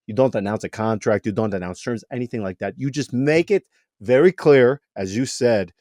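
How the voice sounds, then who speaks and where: A man co-hosting a football podcast, talking in a lively, excitable way and often repeating words as he gets going. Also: mid-range voice, moderate pace, no room sound, clean studio sound. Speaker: podcast co-host. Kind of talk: casual podcast chat.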